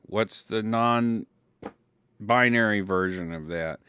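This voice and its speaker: Slow, smooth-voiced Californian man. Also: lowish voice, pushed and bright. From California, Ventura County. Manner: rambling with many fillers, swears freely. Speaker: livestream host reading chat. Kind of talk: casual chat.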